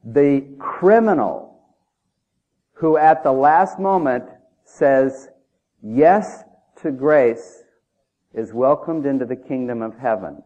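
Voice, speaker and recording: A man's voice: medium pitch, lively intonation, slow, long pauses, mellow. A man preaching a sermon in an emphatic, conversational way, often asking the listeners questions. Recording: tinny phone-like audio.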